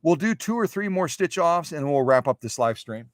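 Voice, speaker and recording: Chatty folksy guy running a sewing live stream, kinda high voice, dry close sound. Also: animated, normal speed, dry recording. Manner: chatty, folksy, repeats phrases. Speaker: sewing machine restorer hosting a live stream. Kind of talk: casual demonstration talk.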